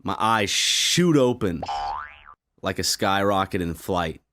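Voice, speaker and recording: A man co-hosting a casual podcast, telling an absurd made-up story in a deadpan way. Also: low-pitched, slow. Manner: tells absurd tall tales deadpan. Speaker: podcast co-host.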